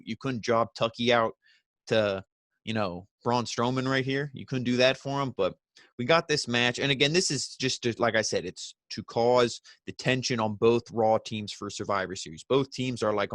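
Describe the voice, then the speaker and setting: A man's voice: medium pitch, fairly bright tone, dry recording, clean studio sound. A man recapping a wrestling show in casual talk, rambling and restarting sentences, briefly acting out what the wrestlers said. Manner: rambling, restarts mid-sentence, acts out quotes.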